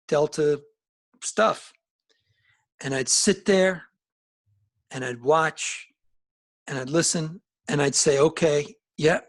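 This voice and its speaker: A middle-aged man with a rough, gravelly edge and a slightly high voice spins rambling stories as an interview guest. He acts out the people he quotes and keeps the talk loose and conversational. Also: a bit bright. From northern New Jersey and Alabama. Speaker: musician guest. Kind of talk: casual storytelling interview.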